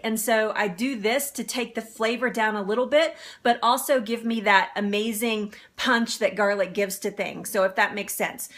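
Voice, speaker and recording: A woman's voice: on the high side, a bit bright. A woman hosting a live cooking demonstration in her home kitchen, chatty and upbeat, laughing often. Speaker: cooking show host.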